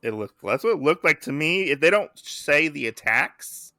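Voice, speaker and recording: Young guy on a podcast, bright punchy voice, dry close mic, acting out lines as he goes. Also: fairly high pitch, moderate pace, no room sound. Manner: animated, acts out characters' lines. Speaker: podcast co-host. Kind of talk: casual chat recapping a comic.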